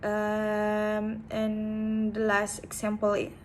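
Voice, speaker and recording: A woman's voice: medium pitch, monotone, extremely slow, a little hiss or hum, poor audio. A young woman student giving a class presentation on linguistics, hesitant and full of fillers and restarts. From Indonesia. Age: young adult.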